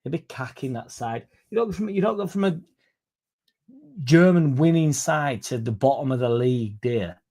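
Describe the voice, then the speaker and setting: This man hosts a casual football fan livestream, reading out the live chat and rambling with frequent swearing. His medium-pitched voice is dark in tone and animated, moving at a moderate pace. When he mocks critics, he slips into a raised, put-on voice.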